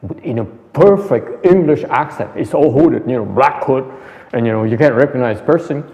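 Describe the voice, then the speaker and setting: A man's voice: medium pitch, normal speed, a little mellow. A man giving a conversational dharma lecture, repeating phrases and answering questions. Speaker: meditation teacher. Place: meditation hall. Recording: muffled hall recording.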